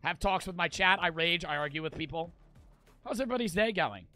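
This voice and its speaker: High, lively, ranting streamer man. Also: brisk, soft background music. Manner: profane, ranting, talks to chat. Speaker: live streamer. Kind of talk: casual gaming stream chat.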